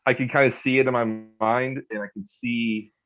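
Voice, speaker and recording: A man in his thirties casually shares his own ghost story at a moderate pace, his mid-range voice keeping fairly even intonation while the highs are cut off. He rambles and restarts, repeats words, and uses "like" a lot.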